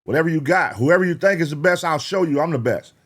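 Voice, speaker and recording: Slangy, animated man reacting on camera. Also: a little high, fast. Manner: animated, slangy, repeats himself, asks the viewers. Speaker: reaction video host. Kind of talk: casual reaction commentary.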